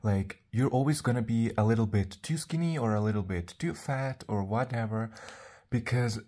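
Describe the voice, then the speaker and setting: A man's voice: medium pitch, moderate pace, warm tone. A man vlogging to the camera in a rambling, chatty way, full of fillers and self-assured sass. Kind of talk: casual vlog monologue.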